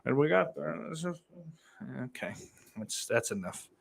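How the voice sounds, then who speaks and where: Male podcast host, mid-pitched, casual live-stream banter, sardonic and foul-mouthed, teasing mock threats. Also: expressive, measured pace, creaky.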